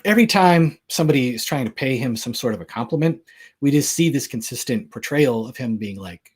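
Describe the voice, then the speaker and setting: Male speaker, husky edge, relaxed lecture style, chatty and joking, lots of fillers. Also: medium pitch, a little fast. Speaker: Christian apologetics speaker. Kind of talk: casual lecture.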